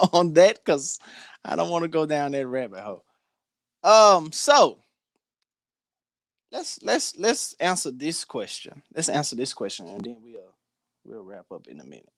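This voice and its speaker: A man's voice: medium pitch, no room sound. A man hosting a casual group discussion, steering the talk back on topic and often repeating his words. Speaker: podcast host.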